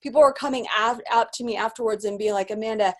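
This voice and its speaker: A woman coach tells her own story in a lively motivational talk, her voice sitting a little high. She rambles with restarts and fillers and often acts out other people's voices. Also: fast talker. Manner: animated, acts out quoted voices. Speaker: business coach.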